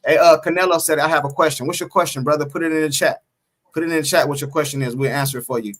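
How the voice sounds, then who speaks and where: A man's voice: a little high, fairly even intonation, racing, fairly bright tone. A man co-hosting a casual post-game sports stream, reading the chat and talking emphatically, repeating his points and teasing viewers. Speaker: sports talk co-host.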